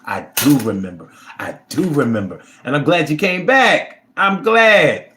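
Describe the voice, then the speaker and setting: Animated, blunt-talking man on a livestream. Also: on the high side, unhurried. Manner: blunt, profane, rambling. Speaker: livestream host reading chat. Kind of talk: casual livestream chat.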